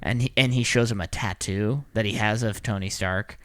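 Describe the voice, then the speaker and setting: A man co-hosting a casual podcast, talking in an animated way and acting out quotes in little put-on voices. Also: on the low side, moderate pace, no room sound, studio quality. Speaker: podcast co-host. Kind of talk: casual chat.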